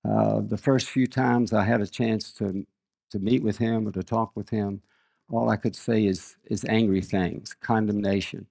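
A man's voice: on the low side, steady tone, unhurried, gravelly, dark tone. An older man preaching a sermon, reading scripture aloud and telling earnest stories about his own family. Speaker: guest preacher. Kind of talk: sermon with personal storytelling.

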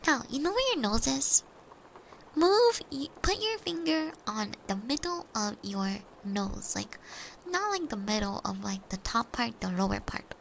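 A young woman streamer telling casual rambling stories during an ASMR stream, swearing freely and slipping into soft whispers. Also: on the high side, very animated, normal speed, vocal fry, a little hiss or hum. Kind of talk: chatty ASMR stream storytelling.

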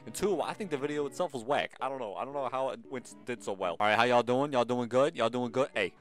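A man's voice: mid-range voice, lively intonation, fast talker, a bit bright. A man hosting a gaming channel, giving casual gameplay commentary and playfully bantering with the game's customers.

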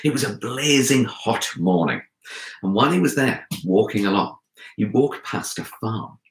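A man who writes children's books, telling a folk tale to children in an animated, expressive way and speaking to his listeners directly. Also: lowish voice, moderate pace, echoey room, low-quality recording. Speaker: children's author and storyteller. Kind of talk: storytelling for children.

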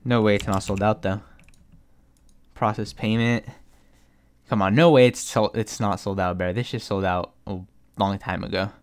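Excitable young man, smooth voice. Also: lowish voice, moderate pace, pauses often. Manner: excitable, swears a lot, keeps saying "bro". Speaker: streetwear vlogger. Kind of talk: casual live commentary.

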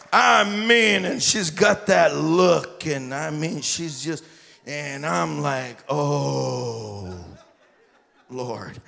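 A man with a high, gravelly, sharp-toned voice preaches a missionary sermon in a church sanctuary. He calls on the congregation to echo his words and jokes with them, and the hall sounds echoey.

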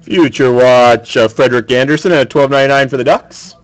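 A man hosting a card break, naming each card in a brisk, matter-of-fact way. His voice sits at a middle pitch. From Canada. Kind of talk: calling out sports card pulls.

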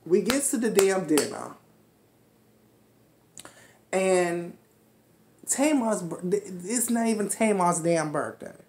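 A woman in her twenties rants through a TV recap, brash and profane, hammering her points again and again. Her voice sits low for a woman. The room around her is echoey. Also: slow, pauses often, a little hiss or hum. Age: 20s. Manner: brash, profane, animated ranting with repeated jabs. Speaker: reality show recap host. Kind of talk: ranting commentary on a TV episode.

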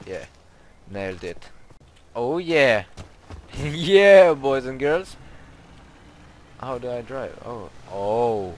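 A young man, commenting on his own video game play, who gets excitable and yelps and shrieks when startled. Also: medium pitch, extremely slow, pauses often, a little hiss or hum. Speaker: gaming YouTuber.

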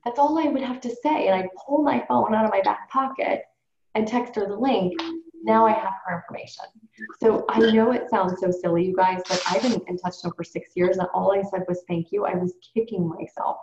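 An upbeat woman coaches her sales team through a call, chatty and direct. Her voice sits at a middle pitch. The audio is roomy and a little dull, with a faint hiss behind it. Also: fairly quick. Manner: upbeat, coaching tone, addresses group as you guys. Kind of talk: training call talk. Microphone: call or webinar.

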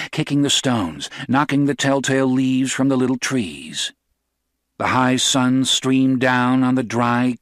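A man's voice: mid-range voice, no echo. Man reading an audiobook, dry and close. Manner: measured, steady storytelling. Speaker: audiobook reader. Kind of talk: scripted audiobook narration.

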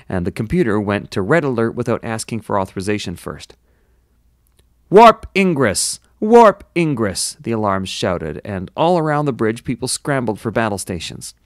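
A male hobby reader narrates a science fiction novel in a steady manner, now and then stopping for self-deprecating asides. His voice sits on the low side, recorded close and dry with no room sound. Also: creaky, dry recording. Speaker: audiobook reader. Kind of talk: amateur novel reading.

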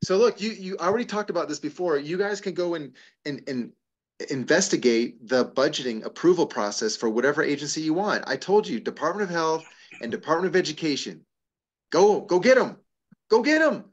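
A man's voice: fairly high pitch, a little fast, husky, muffled recording. A middle-aged man hosting a casual advice talk, answering a caller's questions and telling stories with frequent laughs. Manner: animated, storytelling with laughs. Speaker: host answering member questions.

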